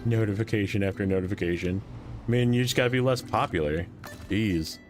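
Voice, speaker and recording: A man's voice: on the low side, a little fast, faint music behind. A man streaming a game, chatting casually with viewers in a rambling, joking way full of fillers. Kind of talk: casual gameplay chat with chat.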